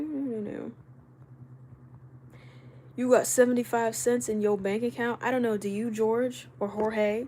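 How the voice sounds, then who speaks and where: A woman's voice: medium pitch, warm tone, slight background noise. Chatty young woman reading live chat. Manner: chatty, quick retorts, frequent laughs. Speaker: livestreamer. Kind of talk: casual livestream chat reading comments. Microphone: camera mic while live streaming.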